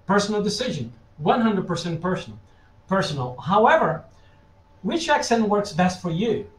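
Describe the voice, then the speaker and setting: A man with a high voice teaches live over a webinar. He answers questions from the chat and keeps asking "yeah?" to check that his listeners follow. His voice rings around an echoey room. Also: sing-song, moderate pace. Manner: reads out chat questions and answers them directly. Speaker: language teacher presenting a webinar.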